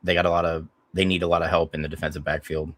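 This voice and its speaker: A man co-hosting a podcast, telling stories in a lively, profane, casual way. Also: low-pitched, racing, no echo. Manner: animated, profane storytelling. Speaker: podcast co-host. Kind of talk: casual chat.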